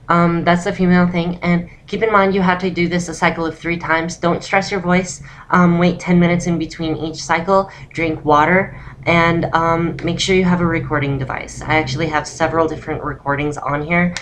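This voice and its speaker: A young woman giving a casual spoken voice-training tutorial, relaxed and rambling with lots of ums. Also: low voice, slight background noise. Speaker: vlogger teaching voice training.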